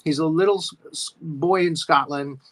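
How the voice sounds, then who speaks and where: A man's voice: a little high, moderate pace. A man co-hosting a casual talk show, telling stories in a rambling way with restarts. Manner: rambling storyteller, many restarts. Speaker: co-host. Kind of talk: casual chat.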